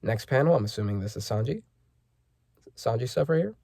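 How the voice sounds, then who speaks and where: A man's voice: mid-range voice, animated, fairly quick, mellow, breathy edge, no room sound, studio quality. A man hosting a casual manga chapter reaction, rambling with lots of fillers and self-corrections as he reads panels aloud.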